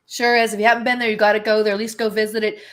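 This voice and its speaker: A woman's voice: medium pitch, little pitch movement, racing, a bit bright. A woman in her sixties, a guest on a live video-call chat, talking chattily and laughing often. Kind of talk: casual live-chat interview.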